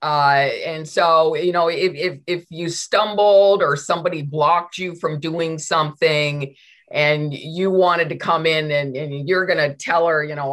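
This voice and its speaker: Low-voiced woman telling a story. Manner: animated, many restarts and repeated words. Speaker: guest, law professor. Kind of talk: conversational interview storytelling.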